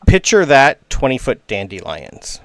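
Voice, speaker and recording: A man's voice: mid-range voice, huge pitch swings, a little slow, vocal fry, fairly bright tone, no room sound. A man narrating a tabletop game as game master, with casual, rambling description and plenty of fillers.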